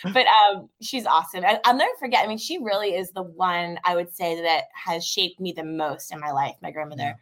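A woman in her thirties, a guest in a casual interview, telling stories in a lively way with quick asides. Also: on the low side. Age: 30s.

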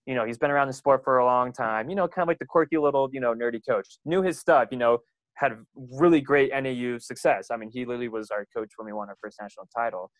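A man's voice: medium pitch, no echo, poor audio. Young runner guy telling stories, says like a lot, laughs a bunch, dead dry mic. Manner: rambling, lots of "like" and laughter. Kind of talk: casual storytelling.

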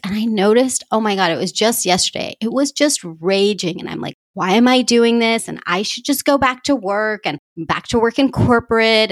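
A woman's voice: mid-range voice, no room sound, studio quality. A woman life coach in her thirties, talking openly and confessionally on her solo podcast and repeating herself for emphasis. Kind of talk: candid solo podcast talk.

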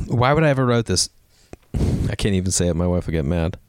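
A man in his thirties hosts his own podcast in a casual solo monologue, rambling through stories and acting out quotes in a raised voice. His voice sits low with a fairly bright tone, and there is no echo.

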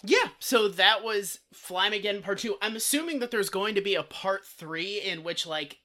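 Male podcast co-host, bright edgy voice, rambling foul-mouthed storyteller. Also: high-pitched, moderate pace. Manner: profane, rambling, many "like" fillers. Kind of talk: casual comedic storytelling.

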